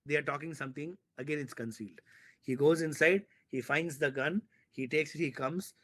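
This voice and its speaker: Man, filmmaker guest, excited scene retelling, somewhat high voice, repeats words for effect. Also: moderate pace. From India. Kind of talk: animated storytelling in an interview.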